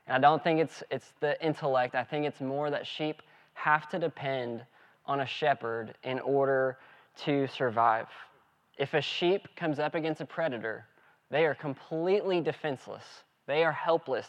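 A man preaching a sermon as pastor, earnest and steady, also leading a spoken prayer. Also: a little high, highs cut off.

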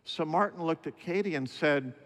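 A man's voice: on the high side, moderate pace, vocal fry. A man preaching a sermon, driving his points home with emphatic repetition. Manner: emphatic repetition, rising to forceful declarations. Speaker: pastor. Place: church sanctuary. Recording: long hall reverb.

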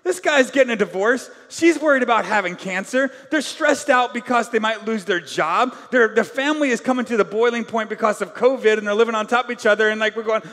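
A man preaching a sermon in a loose, conversational way, full of fillers, swinging between loud bursts and quiet asides. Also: high voice, fast, hardly any pauses, in a large hall. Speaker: pastor.

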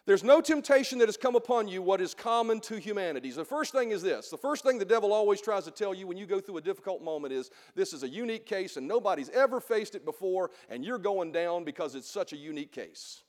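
A middle-aged male pastor preaching a sermon, calling for congregation responses and swinging between soft asides and shouted emphasis. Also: high-pitched, expressive, fast, few pauses, long reverb tail. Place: church sanctuary.

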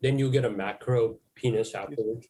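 A man on a comedy podcast, trading goofy deadpan punchlines in improvised banter. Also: mid-range voice, a little fast.

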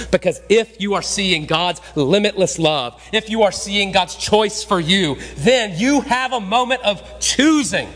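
A man preaching a sermon as pastor, emphatic, swinging between raised and hushed delivery. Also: on the high side, in a large hall. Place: church sanctuary.

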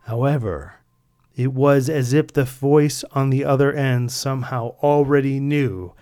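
A man reading his own fiction aloud as narrator, in a measured, deliberate storytelling manner. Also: mid-range voice, fairly even intonation, warm tone, no room sound, studio quality. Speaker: author and narrator.

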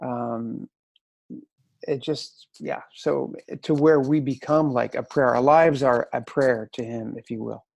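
A man's voice: mid-range voice, fairly even intonation, a little slow, creaky, a little mellow, no echo. A man talking as a podcast guest, reflective and hedging his words as he explains. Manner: thoughtful, hedging with "if you will". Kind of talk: reflective interview talk.

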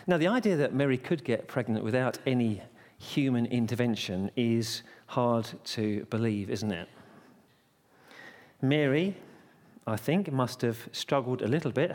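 A man's voice: medium pitch, measured pace, a little mellow. A man preaching a carol service message in a church, conversational and playful, telling puns. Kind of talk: sermon with jokes. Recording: long church reverb.

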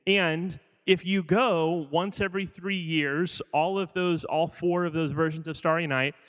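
A man's voice: a little high, steady tone, measured pace, a bit bright. A man preaching a sermon as pastor in a casual, joking way, asking the audience questions as he goes. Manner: conversational, jokey, quizzes the audience. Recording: long hall reverb.

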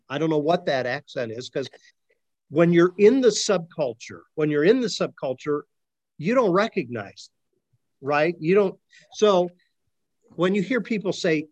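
A man's voice: a little high, a little slow, dry recording, highs cut off. A man with a Midwestern accent, leading a discussion-style lesson, thinking aloud with many ums and uhs. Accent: Midwestern American. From Akron, Ohio. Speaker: class leader.

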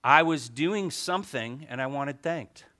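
A male pastor preaching a sermon, telling a story with animated swings between soft asides and loud exclamations. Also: a little high, a little slow.

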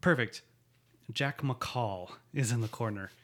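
A man's voice: mid-range voice, slow, a bit bright. A man in casual chat, recapping a TV episode with a co-host, laughing often and slipping into character voices. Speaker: podcast co-host.

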